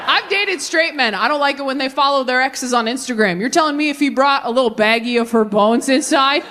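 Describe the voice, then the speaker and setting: A woman's voice: high voice, fast. A woman in her thirties performing stand-up comedy on stage, acting out characters in shifting voices. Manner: animated, acts out quoted characters in shifting voices. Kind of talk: stand-up set. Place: comedy stage before a live audience.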